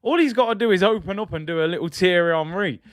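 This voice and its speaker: A man hosting a live football watch-along, reacting loudly to play and reading out viewer comments. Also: fast, no room sound, clean studio sound. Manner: excitable, trailing off with a low "people"; reads out chat comments between play calls.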